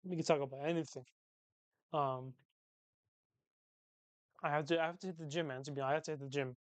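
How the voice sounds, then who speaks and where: A young man talks to his viewers in an easygoing, slangy ramble, often saying the same thing twice. His voice sits a little high and comes across clean and smooth. The sound is dry, with no room echo. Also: a little fast. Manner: rambling, repeats phrases, relaxed slangy talk. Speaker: livestream host chatting with viewers. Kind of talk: casual chat.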